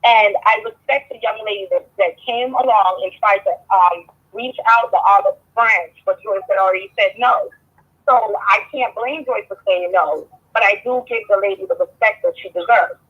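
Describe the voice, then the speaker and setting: Woman guest, husky voice, hesitant, heard over a dull lo-fi phone line. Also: medium pitch, moderate pace. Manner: hesitant, restarts and ums. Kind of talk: telling her side in a casual live stream.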